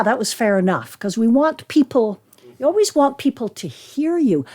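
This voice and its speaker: An older woman, an actress and storyteller, chatting in an interview and telling lively anecdotes about her acting. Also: mid-range voice. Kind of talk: casual interview chat.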